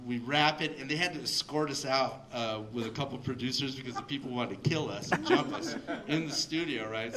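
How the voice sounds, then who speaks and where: A man's voice: medium pitch, sharp tone. A middle-aged man from Mexico telling a rambling story to an audience at a library event, full of fillers and laughs. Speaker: guest speaker. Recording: voice picked up from a distance.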